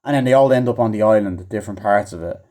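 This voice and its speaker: Guy ranting about a movie, swears every other word, keeps doing the characters' lines, warm low-ish tone. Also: rapid-fire. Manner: profane, rambling, acts out characters' lines in a raised voice. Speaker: movie reviewer. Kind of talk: casual rambling movie review.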